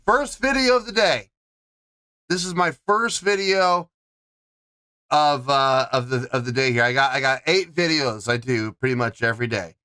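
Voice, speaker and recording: A man reviewing a track in relaxed, chatty reaction style, his fairly high voice swinging up and down with enthusiasm. His tone is bright and forward, and he keeps turning to his viewers as folks. Faint music sits under him. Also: a little slow, no room sound, studio quality. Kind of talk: casual reaction commentary. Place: his recording setup.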